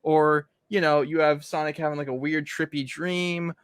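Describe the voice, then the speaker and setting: Male podcast host, higher voice, rambling casual delivery, dead dry sound. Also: fairly even intonation, normal speed, clean tone, no echo. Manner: rambling, laughing, many fillers and restarts. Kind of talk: casual comic review chat.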